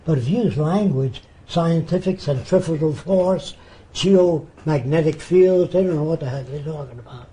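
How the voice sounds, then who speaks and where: A man's voice: fairly high pitch, moderate pace. An older man being interviewed, telling anecdotes and acting out the voices of the people in them. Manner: animated storyteller acting out quoted voices. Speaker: interviewee, futurist. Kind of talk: anecdotal storytelling.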